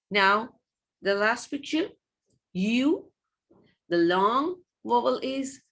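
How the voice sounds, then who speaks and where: A woman with a gravelly, slightly creaky voice teaches phonics to small children at a very unhurried pace. She repeats each word patiently in a sing-song way and keeps checking in with gentle rising questions. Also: a little high, animated. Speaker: early years teacher. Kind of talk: recorded online phonics lesson.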